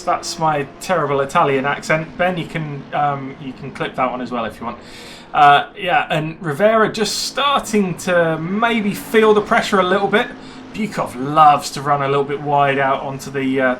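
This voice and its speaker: A man's voice: fairly high pitch, normal speed, slight background noise. Chatty man commentating a race. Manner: chatty, excitable on overtakes. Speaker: sim racing commentator.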